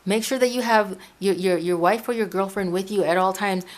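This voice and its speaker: A woman's voice: medium pitch, a little fast. A woman from Ecuador talking casually to her viewers from home, giving advice in a rambling way with many restarts and repeated words. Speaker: Christian video blogger.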